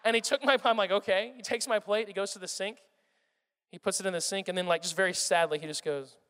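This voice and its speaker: A man in his thirties preaching a sermon, telling animated family stories and acting out his children's voices. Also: high-pitched, quick pace. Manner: animated storytelling, acts out his kids' voices. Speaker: pastor. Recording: reverberant hall sound.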